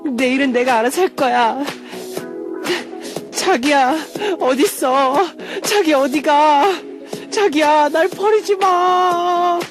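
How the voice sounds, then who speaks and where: A woman voices a heartbroken young woman in a radio skit who speaks very high and very fast. Her defensive lines ride over clearly audible background music. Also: lightly acted. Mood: pleading. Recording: clear music bed behind voice.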